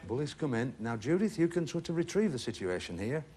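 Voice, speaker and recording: A man's voice: medium pitch, big pitch swings, brisk, warm tone, slight background noise. A middle-aged man hosting a TV game show in a studio, jovial and teasing, chatting with contestants. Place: TV studio with audience.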